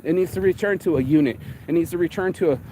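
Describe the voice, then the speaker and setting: A man with a somewhat high voice rambles through a casual motivational livestream chat. He talks in a loose, streetwise way, swearing freely and dropping "bro" often. A faint hum of room ambience sits behind him. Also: fast, mellow. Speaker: vlogger.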